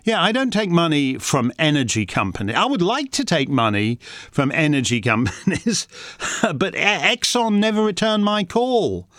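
Host, male, indignant and rambling, swings widely in pitch, dry close sound. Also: sing-song, normal speed, a bit bright, no echo. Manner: rambling and combative, with frequent restarts; reads out listener questions. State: uses a wheelchair. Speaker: host answering member questions. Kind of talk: casual monologue.

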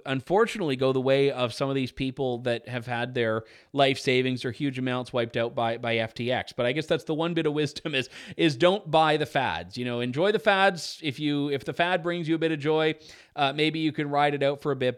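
A man's voice: medium pitch, fairly even intonation, moderate pace, clear, resonant tone. A man guest-hosting a talk show, reading out listener letters and reacting with opinionated commentary in a conversational way, with fillers and restarts. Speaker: guest radio show host.

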